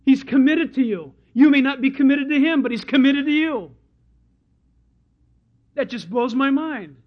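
Preaching a sermon, this man speaks in a high, raised voice at an ordinary pace, bringing his stories to life and playing the part of the crowd. The audio is muffled and low-fidelity.

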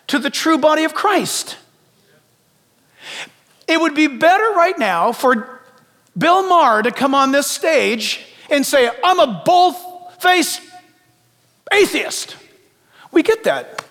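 High-voiced preacher in a reverberant hall. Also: male voice, fairly bright tone. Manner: emphatic, repeats phrases, rhetorical questions. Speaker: pastor. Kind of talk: sermon.

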